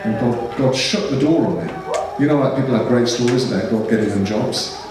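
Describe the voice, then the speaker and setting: A man's voice: medium pitch, brisk. Middle-aged guy telling his story, heartfelt, big echoey hall, mic kinda far off, noisy. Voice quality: earnest, emotional storytelling. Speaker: speaker. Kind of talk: personal testimony talk. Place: large echoey church hall.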